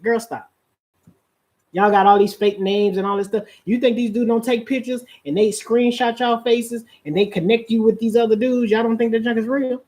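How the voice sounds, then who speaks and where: A woman's voice: medium pitch, darkish tone. A woman giving relationship advice on a live stream. She keeps asking her audience rhetorical questions and drawls out the phrases she wants to stress.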